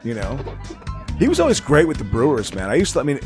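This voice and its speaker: A man's voice: mid-range voice, huge pitch swings, fast talker, darkish tone, faint music behind. A man from the Chicago area hosting a podcast, rambling and laughing often as he chats. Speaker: podcast host. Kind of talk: casual chat.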